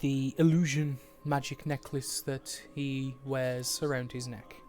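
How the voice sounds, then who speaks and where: A man's voice: mid-range voice, fairly even intonation, measured pace, darkish tone, soft background music. A man running a tabletop game as game master over an online call, describing scenes in detail, laughing readily and swearing casually.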